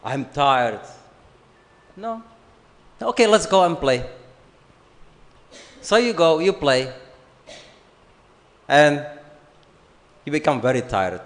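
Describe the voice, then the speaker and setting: Slow-speaking man lecturing in an echoing hall. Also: fairly high pitch. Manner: unhurried, joking, acts out family dialogue. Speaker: swami giving a scripture class. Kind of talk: sermon. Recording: long hall reverb.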